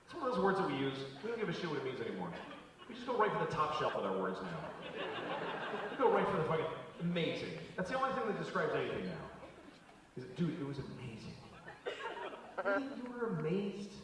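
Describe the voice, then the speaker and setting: A man does stand-up with an exasperated, foul-mouthed rant, and his fairly high voice jumps around a lot. The sound comes from far off in a big echoing hall with a long reverb tail. Loud noise runs underneath. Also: wildly swooping pitch, fast talker. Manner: exasperated, profane ranting. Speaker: stand-up comedian. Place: theater stage before an audience. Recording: echoey live hall recording from far off.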